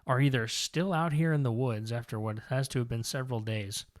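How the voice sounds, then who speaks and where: A man co-hosting a comic book podcast, recapping the plot in casual chat. He rambles, fills pauses and corrects himself mid-sentence. His voice sits at an ordinary middle pitch. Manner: rambling, with many fillers and self-corrections. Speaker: podcast co-host.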